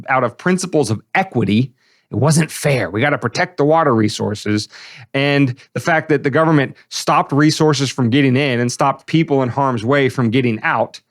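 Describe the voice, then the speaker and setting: A man co-hosting a podcast, giving sarcastic, opinionated commentary. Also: a little high. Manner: sarcastic, wry. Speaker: podcast co-host.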